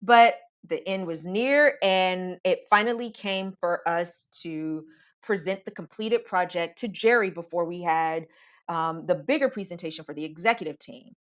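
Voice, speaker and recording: A woman's voice: fairly low pitch, normal speed. A woman telling a comic first-person story on her podcast, emphatic and profane, talking straight to her listeners. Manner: animated, emphatic, profane, addresses listeners as "y'all".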